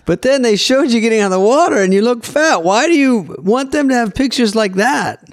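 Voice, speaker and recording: A man's voice: very high voice, lively intonation, normal speed, pitched above the performer's own voice. A man putting on the voice of a nosy male waiter who needles him in a singsong, teasing way. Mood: blunt.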